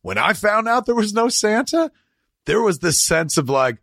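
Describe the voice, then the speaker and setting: A man hosting a casual podcast chat, telling profane, animated stories and slipping into quick put-on voices. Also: high voice, creaky, no echo, clean studio sound.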